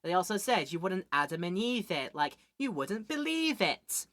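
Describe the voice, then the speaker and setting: A woman's voice: on the low side, very animated, moderate pace, a bit bright, no room sound. A young woman streaming a game, chatting casually and voicing the characters as she reads. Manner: chatty, voices characters while reading. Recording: music playing behind.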